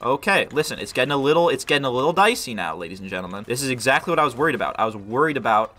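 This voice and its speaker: A man's voice: medium pitch, very animated, very fast, sharp tone, slight background noise. A man casually commenting on his gameplay, swearing freely and mocking himself while strained from hot sauce. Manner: swears a lot, self-mocking, swings to yelps and groans. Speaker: gaming YouTuber.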